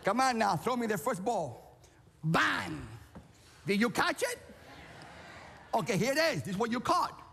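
Man from Cuba, preacher, high voice, lively swings, playful, long hall reverb. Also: normal speed, pauses often, a little hiss or hum. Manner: playful, animated, calls out to the crowd. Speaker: pastor. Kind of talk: sermon with audience participation. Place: large church auditorium.

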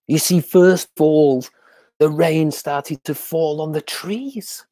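Slow, whispery storyteller. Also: mid-range voice, no room sound. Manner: dramatic, dropping to hushed whispers for suspense; slow, drawn-out repetition for effect. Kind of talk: livestreamed storytelling for children.

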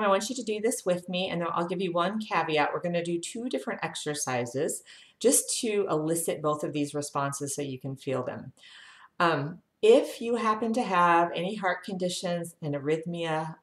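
A woman health educator leading viewers through a guided breathing lesson, talking calmly and counting breaths aloud. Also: lowish voice, reverberant.

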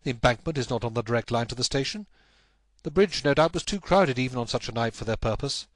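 Guy reading an intense victorian detective, raised and emphatic, a bit higher than his narrating voice, dry close sound. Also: animated, fast talker, no echo, close to an everyday voice. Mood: determined.

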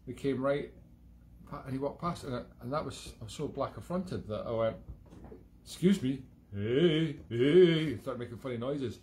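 A man's voice: mid-range voice, brisk, a little mellow, a little hiss or hum. A Scottish man hosting a live-streamed music show from home, chatting in a rambling, digressive way with self-mocking humour. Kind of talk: rambling casual monologue.

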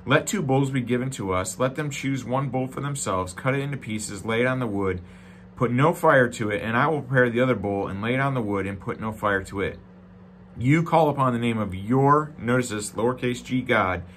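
A male pastor preaching a sermon, reading scripture aloud with joking asides, going from loud, emphatic lines to quiet, low-voiced reflection. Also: slight background noise. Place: church.

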